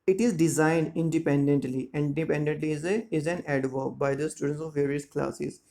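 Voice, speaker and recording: A man teaching a school lesson, explaining words slowly and checking that students follow. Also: on the high side, steady tone, vocal fry, darkish tone. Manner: slow, repetitive explaining with frequent check-ins. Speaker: English teacher. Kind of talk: classroom lesson explaining grammar and syllables.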